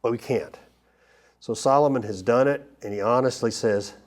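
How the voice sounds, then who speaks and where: A man teaching a Bible study lesson, talking it through loosely with frequent restarts and fillers. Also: medium pitch. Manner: halting, many restarts and fillers.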